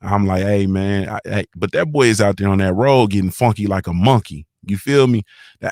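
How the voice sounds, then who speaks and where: A man's voice: fairly low pitch, brisk, no echo, clean studio sound. Laid-back slangy man hosting from home. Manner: laid-back slangy talk, shouting out viewers. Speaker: morning show host. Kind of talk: casual livestream chat.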